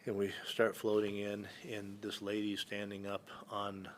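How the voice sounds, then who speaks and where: Low steady guy telling hunting-trip stories on a podcast, lots of ums and restarts, kinda monotone. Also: unhurried, a little hiss or hum. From Northern California. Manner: rambling, with many fillers and restarts. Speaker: guest, entrepreneur and hunting guide. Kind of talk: casual storytelling in a podcast interview.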